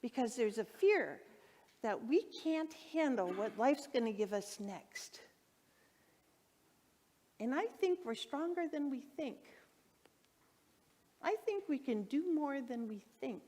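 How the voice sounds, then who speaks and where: A woman minister preaching a sermon, telling stories with enthusiasm and lively shouts. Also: high-pitched, slow pace, long pauses, in a large hall. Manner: enthusiastic storytelling, acts out her own excited shouts. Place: church hall. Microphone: handheld microphone.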